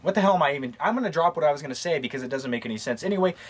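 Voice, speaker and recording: A man's voice: fairly high pitch, animated. Rambling, wisecracking male movie reviewer. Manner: quick, offhand, crude jokes, loses his train of thought. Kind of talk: casual rambling collection tour.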